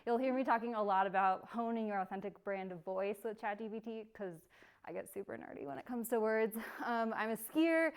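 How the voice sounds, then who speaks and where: Young woman, workshop presenter, smooth clear voice, bubbly and chatty. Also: on the high side, brisk. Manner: bubbly and chatty, laughs often. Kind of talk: casual live workshop talk.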